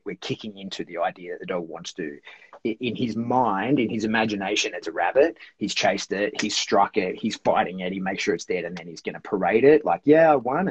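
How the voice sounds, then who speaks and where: A man's voice: sits low, breathy edge, dry recording. A man explaining dog training in a casual, rambling interview, peppering his talk with "like" and "right?". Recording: dull, lo-fi dry sound.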